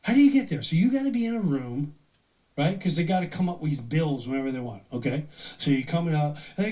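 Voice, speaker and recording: Animated high-voiced man ranting, distant mic. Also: a little fast. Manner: incredulous, acts out mock dialogue in different voices. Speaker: comedian host of a live show. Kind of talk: animated comedic rant.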